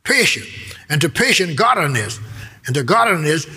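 A man's voice: a little high, very animated, normal speed, pushed and bright, slightly rough. A man preaching a sermon, emphatic and repetitive, reading verses and calling on the congregation to answer back.

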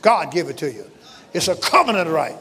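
A man preaching a sermon to his congregation, leading call-and-response lines and breaking into shouts, with folksy, joking asides. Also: on the high side, sing-song, fairly quick, long reverb tail. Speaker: pastor. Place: church sanctuary.

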